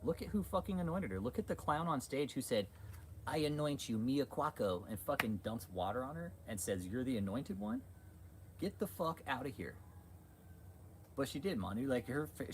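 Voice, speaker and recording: A man's voice: medium pitch, animated, moderate pace, a little hiss or hum, rough recording. A man hosting a livestream, ranting in a crude, heated, sarcastic way. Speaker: livestream host. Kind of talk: profane livestream rant.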